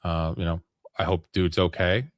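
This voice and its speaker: A man in casual chat, telling a long rambling story in an animated way. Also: low-pitched, normal speed, no echo, studio quality.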